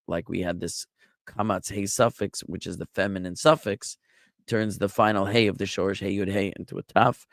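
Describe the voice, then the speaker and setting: A rabbi giving an online Bible Hebrew lesson, explaining step by step in a patient way with small jokes. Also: male voice, fairly low pitch, a bit bright, no echo, studio quality. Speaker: rabbi teaching a Hebrew class.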